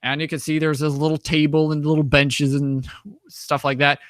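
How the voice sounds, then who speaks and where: A man's voice: fairly high pitch, flat delivery, normal speed, a bit bright, dry recording, clean studio sound. A young man casually telling travel stories over slides, rambling with many restarts and fillers. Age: young adult. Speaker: guest, author and traveler.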